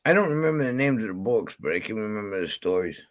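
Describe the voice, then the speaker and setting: A man's voice: lowish voice, very animated, fast talker. A man ranting and telling stories in casual chat, profane and rambling, heated at times. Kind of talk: casual storytelling rant.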